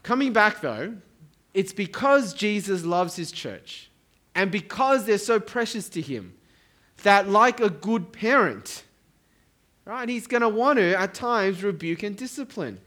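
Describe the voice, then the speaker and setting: A middle-aged man preaching in church, his voice sitting fairly high for a man. He keeps it conversational, with joking asides to the congregation. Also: lively intonation, a little slow, fairly bright tone. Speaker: pastor. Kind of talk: sermon. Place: church hall.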